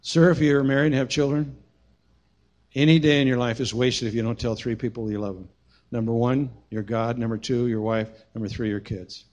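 A middle-aged man preaching a sermon as pastor, telling a personal story and swinging from hushed to shouting. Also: medium pitch, fairly even intonation, fairly quick, dull audio.

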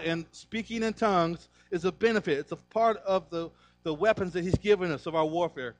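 A male pastor delivers a sermon with emphatic energy, pressing his points and calling on the congregation to answer back. His voice sits high for a man. Between points he slips into a relaxed, conversational telling of stories. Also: fairly quick. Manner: conversational storytelling.

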